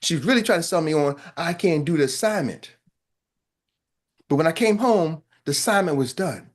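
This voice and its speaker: A man's voice: fairly high pitch, animated, moderate pace. A man giving a motivational talk as a business coach, blunt and colloquial, repeating phrases for emphasis.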